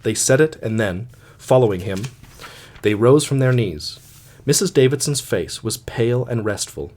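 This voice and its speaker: A man's voice: medium pitch, expressive, moderate pace, darkish tone. Man reading an audiobook. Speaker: audiobook reader. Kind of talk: audiobook narration of a classic story.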